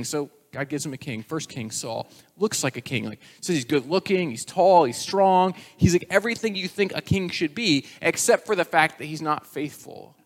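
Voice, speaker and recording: A man preaching a sermon, retelling scripture as a lively story and acting out the quoted voices. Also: on the high side, normal speed, hardly any pauses. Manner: storytelling, acts out quoted voices with rising energy. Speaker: pastor.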